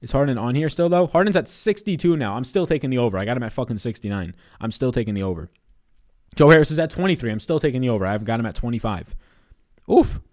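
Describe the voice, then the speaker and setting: A man's voice: mid-range voice, lively intonation, fast, darkish tone. A man in his twenties on a casual live stream, giving fantasy basketball picks and answering chat in a loose, profane way. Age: 20s.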